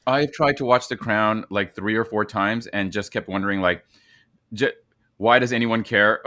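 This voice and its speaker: A man hosting a podcast in casual chat, joking and sarcastic with an animated delivery. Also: fairly low pitch, moderate pace. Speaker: podcast host.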